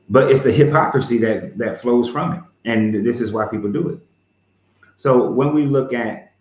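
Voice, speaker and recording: A man with a lowish voice talks bluntly and heatedly, swearing freely as he hosts his own show. His voice sits in a roomy space, and the sound is a bit dull and lo-fi. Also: a little mellow. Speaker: podcast host. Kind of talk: casual opinion commentary.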